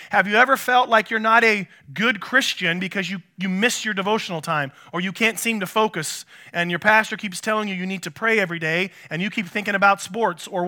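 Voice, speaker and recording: A man's voice: high voice, bright, forceful tone. A man, a pastor, preaching a conversational sermon, asking the congregation questions and poking fun at himself. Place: church.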